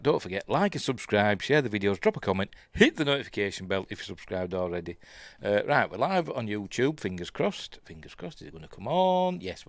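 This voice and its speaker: A Yorkshire man with a low voice chats his way through a live news stream, wandering off into muttered asides. His pitch swings a lot as he talks, and the sound is close and dry. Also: no echo. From Yorkshire, England. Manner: rambling, chatty, breaks off to mutter about the stream.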